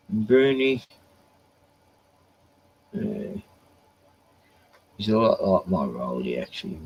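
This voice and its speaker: A man's voice: sits low, slight background noise, low-quality recording. A drunk man, rambling, swearing and laughing as he chats to his dogs on a live stream from inside a caravan. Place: small caravan indoors.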